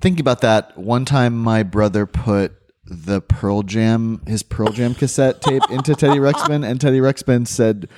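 A man's voice: mid-range voice, a little slow, darkish tone. A man co-hosting a podcast in casual, jokey chat, laughing often. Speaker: podcast co-host.

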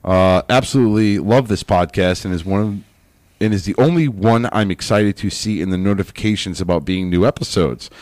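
A man's voice: lowish voice, fairly quick, a little mellow, dry recording. A man co-hosting a podcast in casual chat, joking around, laughing often and reading listener reviews aloud. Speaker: podcast co-host.

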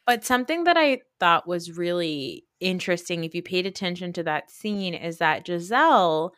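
A woman with a bright, forceful voice chats through a reality TV recap, slipping into quick impressions of the cast as she goes. The sound is dry and close, with almost no room around her. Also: on the low side, clean tone, dry recording. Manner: animated, acts out quotes from the show. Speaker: podcast co-host. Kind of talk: casual reality TV recap chat.

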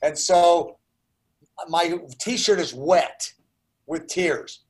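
A man's voice: fairly high pitch, drawn-out words, low-quality recording. A man in his sixties telling a personal story as an interview guest, earnest and full of restarts. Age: 60s.

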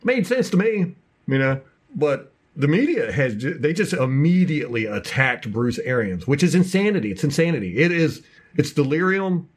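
Man, sports podcast co-host, passionate rant, lively swooping pitch, slightly husky voice. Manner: passionate, ranting, fast bursts. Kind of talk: casual sports talk.

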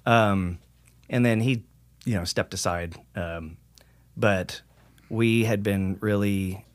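Slow and fairly even in intonation, this lowish male voice belongs to a metal singer guesting on a podcast. He chats casually and rambles, swearing freely and mimicking others' remarks, with no room sound.

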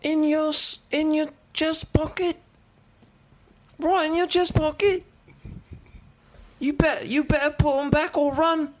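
A man putting on a high, indignant voice to play a British grocery store worker catching a shoplifter. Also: fairly even intonation, slow, long pauses, a little hiss or hum. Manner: shouting, high-pitched and indignant.

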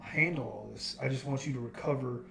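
A man voicing a smooth caring swindler in a gentle, reassuring way. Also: medium pitch, fast, distant mic, slight background noise. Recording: roomy recording.

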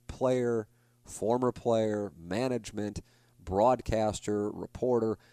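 A sports broadcaster in his forties with a lowish voice tells a story alone, rambling and confessional. He trips over his own restarts and keeps blaming himself. The sound is close and dry, with no room around it. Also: darkish tone, no room sound. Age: 40s. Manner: rambling, confessional, self-deprecating, many restarts. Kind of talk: solo podcast storytelling.

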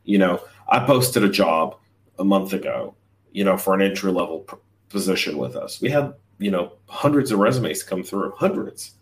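A man's voice: sits low, lively intonation, normal speed. A man giving blunt, emphatic career advice on a live chat show as hiring leader. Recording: voice distant from the mic.

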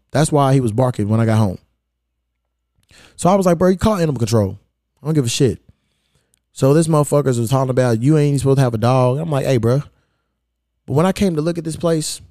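A man's voice: medium pitch, dry recording, studio quality. Profane, heated male podcast host. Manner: profane, heated, animated retelling. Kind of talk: casual storytelling rant.

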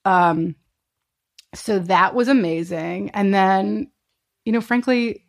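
A woman in her thirties, a guest in a casual chat, telling an animated story and acting out quotes with laughs. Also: medium pitch, slow, vocal fry.

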